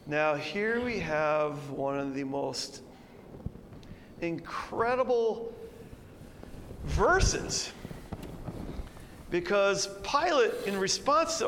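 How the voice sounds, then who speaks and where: Emphatic high-voiced preacher in a hall. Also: male voice, big pitch swings, slow pace, pauses often, a bit bright, a little hiss or hum. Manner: emphatic, conversational, with rhetorical questions. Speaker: pastor. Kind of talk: expository Bible teaching sermon. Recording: long reverb, faint room ambience.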